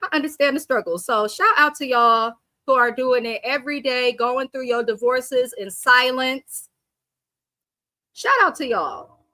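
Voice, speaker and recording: A woman's voice: sits high, fairly even intonation, normal speed, few pauses, pushed and bright, dry recording. A woman live-streaming a reality TV recap, blunt and sassy, reading viewer comments aloud and mimicking cast members. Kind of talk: casual live reaction commentary.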